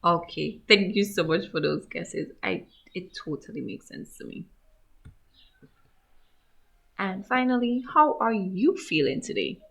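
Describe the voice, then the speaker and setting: A woman teacher slowly sounding out letters and words in a gentle, encouraging phonics lesson for young children. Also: mid-range voice, very animated, creaky. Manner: gentle, encouraging, asks questions to young pupils. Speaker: grade one teacher.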